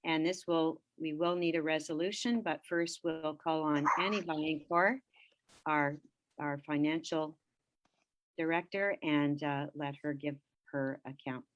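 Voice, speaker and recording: A woman with a lowish voice chairs a municipal council meeting, moving briskly through motions and votes. She speaks into a video-call mic, keeping the procedure steady and businesslike. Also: highs cut off.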